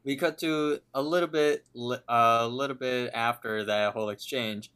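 A man in a mid-pitched, everyday voice, walking through a cartoon episode as a relaxed podcast co-host. He retells each scene at length and now and then reads a line aloud. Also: moderate pace, clean tone. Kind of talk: casual episode recap.

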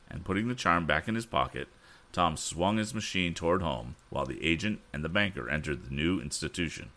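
A man reads an adventure novel aloud in a very low voice that still moves in lively swings. His tone is bright and forward, and he corrects himself when he stumbles over a word. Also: a little fast. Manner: expressive, corrects his own misreadings. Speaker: audiobook reader.

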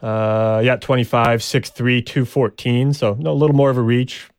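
A man's voice: medium pitch, flat delivery, normal speed, smooth, dry recording, clean studio sound. A man co-hosting a casual sports podcast, rambling and hesitant with many restarts. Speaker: podcast co-host.

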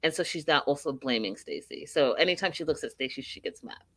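A woman's voice: low voice, animated, fast talker, sharp tone, no echo. Opinionated woman recapping reality TV. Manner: opinionated, full of rhetorical questions. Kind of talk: casual recap commentary.

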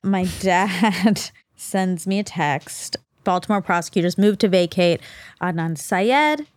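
A woman's voice: on the low side, takes it slowly, no room sound, clean studio sound. A woman co-hosting a podcast in casual chat, telling stories with a lot of laughter and acting out quotes. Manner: chatty storyteller, laughs often, acts out quotes. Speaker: podcast co-host.

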